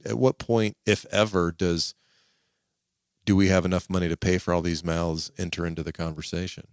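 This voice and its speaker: A middle-aged man with a very deep voice hosts a casual podcast interview. He teases and jokes between questions, and the sound is close and dry. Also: flat delivery, a little mellow, smooth, no echo. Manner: teasing, joking, quick follow-up questions. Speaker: podcast host interviewing his father.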